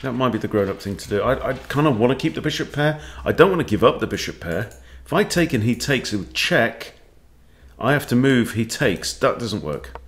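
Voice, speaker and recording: A man's voice: medium pitch, lively intonation, moderate pace. A man who coaches chess, thinking aloud as he plays and talking to himself with wry asides. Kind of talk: thinking-aloud game commentary.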